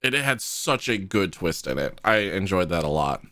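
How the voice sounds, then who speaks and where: A man's voice: sits low, normal speed. A man co-hosting a gaming podcast, talking animatedly in casual chat. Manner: animated, stumbles on starts. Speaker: podcast co-host.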